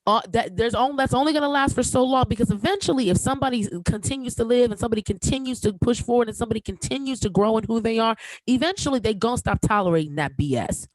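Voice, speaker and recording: A woman's voice: on the high side, fast talker, dry recording, rough recording. Woman, solo podcast host; emphatic, projecting voice, repeats for punch; dry close-miked sound.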